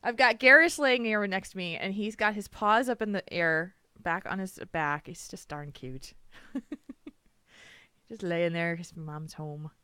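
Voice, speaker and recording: Woman, podcast host, casual chat, giggly, bright tone, dry close sound. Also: lowish voice, measured pace, clear, resonant tone, no room sound. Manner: giggly, chatty. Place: home. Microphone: video call.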